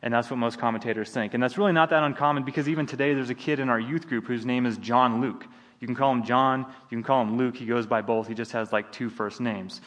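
A male pastor delivers a sermon in a conversational, easygoing manner, often restarting his sentences. His voice sits at an ordinary pitch. The sanctuary around him adds a long, echoing reverb. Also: steady tone, quick pace, a bit bright. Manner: conversational preaching with frequent restarts.

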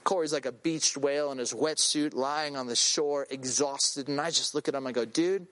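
A middle-aged man delivers a sermon built on personal stories. He is an animated storyteller who acts out the voices of the people he quotes. His voice sits at a middle pitch, neither high nor low. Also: normal speed. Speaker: guest pastor.

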